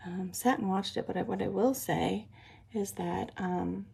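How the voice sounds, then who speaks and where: Gravelly chatty woman. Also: medium pitch, steady tone, a little slow, mellow. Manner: chatty, rambling, many ums, explains as she works. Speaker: makeup vlogger doing a live tutorial. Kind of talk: casual live makeup tutorial.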